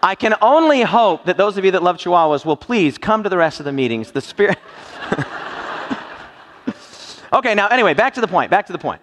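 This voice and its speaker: A man's voice: sits high, very animated, fairly quick, long pauses, a bit bright, slight background noise. A man preaching a sermon in a church hall, joking and quizzing his listeners with playful questions. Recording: long reverb of a large hall.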